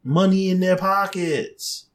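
A man giving a casual, blunt opinion rant to his viewers, animated and mildly profane, with chuckles between his points. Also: high voice, slow. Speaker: vlogger.

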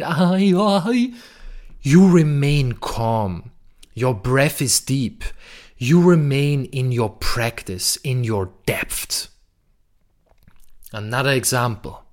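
A man speaking very slowly and deliberately, leaning hard on his words. His voice sits at a middle pitch, and his delivery is blunt and emphatic, with casual swearing. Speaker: podcast host. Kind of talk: monologue on masculinity and relationships.

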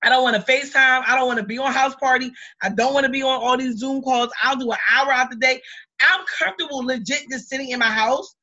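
A woman in her thirties co-hosting a podcast, telling a story in blunt, lively chat with lots of swearing. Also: high-pitched, quick pace, dull audio. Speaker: podcast co-host. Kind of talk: casual chat.

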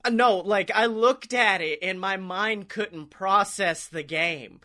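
A man with a high, bright, sharp voice tells a rambling story on a podcast. He swears freely, laughs a lot and acts out what people said to him. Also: slow. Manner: rambling, profane, laughs often, acts out quotes. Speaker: podcast co-host. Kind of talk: casual storytelling chat.

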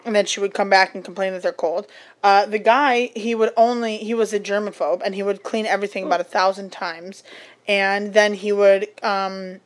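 A woman's voice: medium pitch, fairly even intonation, normal speed. A young woman chatting casually, telling rambling restaurant stories with swearing and lots of fillers. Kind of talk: casual podcast chat.

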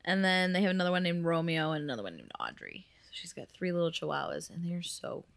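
A woman's voice: on the low side, very animated, fast talker, gravelly. A woman co-hosting a podcast in casual chat, talkative and giggly, filling her sentences with "like". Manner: chatty, giggly, lots of "like". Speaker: podcast co-host.

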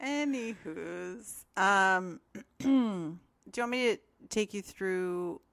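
A woman's voice: mid-range voice, lively intonation, drawn-out words, gravelly, a bit bright, no echo. A woman co-hosting a podcast as a therapist, playful and laughing often, with a frog in her throat. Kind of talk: casual podcast chat.

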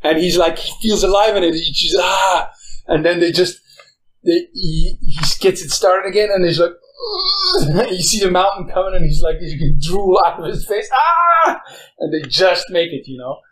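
A man's voice: high voice, fairly quick, a little hiss or hum, rough recording. A man in a casual chat, telling a story animatedly and laughing often. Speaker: conversation partner.

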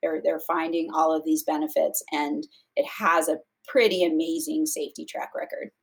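A woman's voice: sits low, steady tone, moderate pace, vocal fry, breathy edge. A woman guest on a podcast, explaining nutrition research in casual chat, with frequent fillers and restarts. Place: podcast studio.

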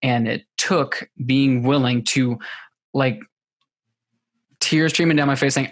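A man's voice: medium pitch, fairly even intonation, slow, long pauses, dry recording. A man talks openly in a podcast conversation. His voice stays level and unvaried, and he often restarts his sentences while he searches for the right words. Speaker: podcast guest. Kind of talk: candid personal conversation.

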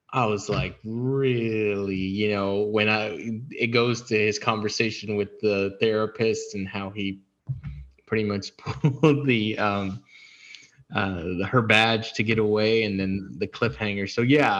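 A man's voice: on the low side, steady tone, unhurried, fairly bright tone, highs cut off. A man co-hosting a casual podcast chat, rambling and correcting himself as he goes. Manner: rambling, self-correcting, apologetic. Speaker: podcast co-host.

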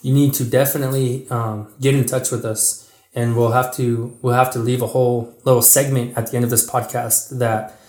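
A man hosting a relaxed podcast, talking earnestly with frequent restarts. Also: medium pitch, moderate pace. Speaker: podcast host. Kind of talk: casual podcast chat. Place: small room with a microphone. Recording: echoey room.

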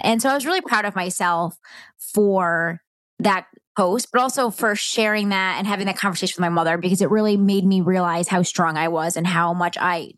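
A woman's voice: fairly low pitch, dry recording, clean studio sound. A middle-aged woman hosting a podcast, telling a personal story in a candid, heartfelt, conversational way. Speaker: podcast host.

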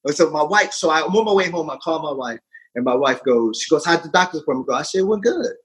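A man in his fifties, a fitness coach, telling a personal story in a lively, casual way, jumping in pitch for emphasis and laughing often. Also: quick pace, slightly rough, low-quality recording. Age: 50s. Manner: animated, swings pitch widely for emphasis; frequent laughter and profanity.

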